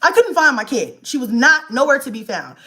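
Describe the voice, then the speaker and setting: A woman tells a storytime vlog in a lively, exasperated way. Her voice sits a little high and jumps up sharply when she acts out what she said. She swears freely as she goes. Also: brisk. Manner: animated, exasperated storytelling with swearing and acted-out dialogue. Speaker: vlogger, mother.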